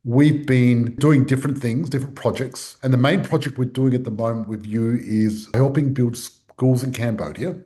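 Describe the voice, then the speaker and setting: A man's voice: medium pitch, normal speed, few pauses, warm tone. Enthusiastic man hosting an interview. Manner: enthusiastic, brief affirmations. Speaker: host. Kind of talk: casual interview.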